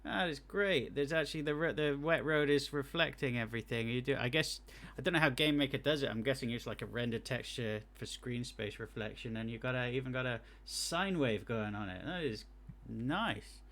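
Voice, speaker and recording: A man plays and reviews small games on a live stream, talking through what he sees as he goes. His voice sits at an ordinary middle pitch. He chats loosely, restarts his sentences and drifts into technical notes on graphics. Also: moderate pace, few pauses, a bit bright. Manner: chatty, thinks aloud, with restarts; technical asides on game effects. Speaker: game streamer. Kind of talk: live gameplay commentary.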